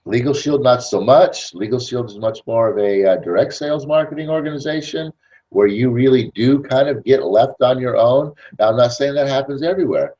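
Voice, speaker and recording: Male podcast host, casual pitchman energy, mellow voice, mid pitch. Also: lo-fi sound. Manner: animated, persuasive, acts out scenes. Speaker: network marketing podcast host. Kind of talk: casual monologue.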